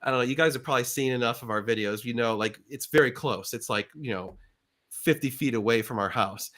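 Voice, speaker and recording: Excitable man telling a wild story. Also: fairly quick. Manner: excitable, acts out quoted voices with big pitch jumps. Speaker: show host. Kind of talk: animated storytelling on a live show.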